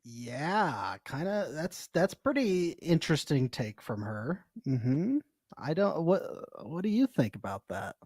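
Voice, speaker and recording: A man's voice: fairly high pitch, big pitch swings, takes it slowly, darkish tone, no echo, studio quality. A man co-hosting a casual recap podcast, chatty and laughing a lot. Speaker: podcast co-host.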